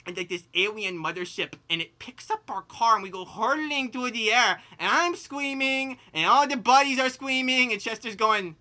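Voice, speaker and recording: In improvised comedic storytelling, a performer voices a rambling cartoon pig who lisps, turns r into w, laughs mid-sentence, and keeps saying "like" and "you know." The voice is mid-range, bright and forceful, at a moderate pace with hardly any pauses.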